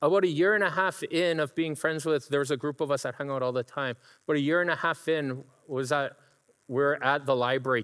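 A middle-aged male pastor delivering a sermon in a storytelling way, now and then imitating a friend's laugh. His voice sits a little higher than most men's. A long reverb trails each phrase, as in a large hall. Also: fairly bright tone.

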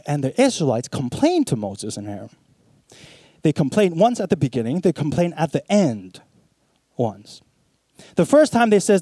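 A man preaching a sermon, swinging between hushed, low passages and emphatic, animated ones as he retells scripture. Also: moderate pace, no room sound.

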